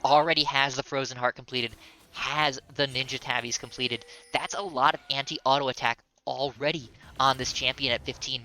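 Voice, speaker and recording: A man's voice: mid-range voice, sharp tone. A man giving emphatic, analytical color commentary on an esports match.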